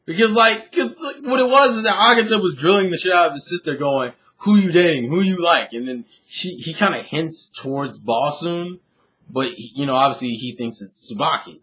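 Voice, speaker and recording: Rambling, high-voiced young man. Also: moderate pace, sharp tone. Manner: rambling, swears freely, laughs often. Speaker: anime reviewer. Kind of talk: casual excited recap.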